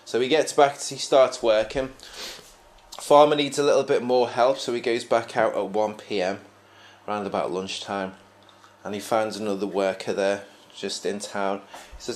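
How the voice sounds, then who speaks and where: A man's voice: on the low side, steady tone, moderate pace. Rambling man musing aloud. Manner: rambling, many restarts and fillers, musing. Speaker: podcast host. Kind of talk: casual reflective monologue.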